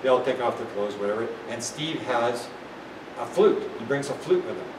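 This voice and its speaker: A man in his sixties telling a story as an interview guest, excitable, with many restarts and bits of laughter. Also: mid-range voice, moderate pace, background noise. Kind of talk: animated anecdotal storytelling. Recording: roomy and distant, faint ambience.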